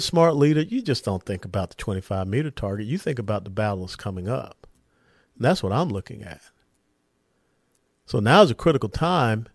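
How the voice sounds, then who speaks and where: A man who lives in Texas hosts a political podcast, his mid-range voice delivering emphatic commentary as a monologue with rhetorical questions. Clean studio sound, no room sound.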